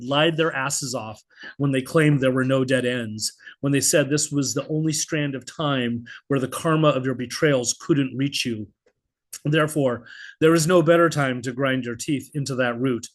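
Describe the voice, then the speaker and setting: Expressive male spoken-word poet. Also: medium pitch. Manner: expressive, vivid delivery with blunt swearing. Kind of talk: spoken-word poetry reading. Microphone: video call.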